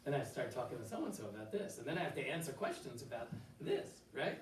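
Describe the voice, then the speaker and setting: A man teaching an informal Torah class in a synagogue hall, animated and full of rhetorical questions, with Hebrew phrases mixed in. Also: mid-range voice, fast, a little hiss or hum. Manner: mixes in quoted Hebrew phrases. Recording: roomy hall, distant mic, faint ambience.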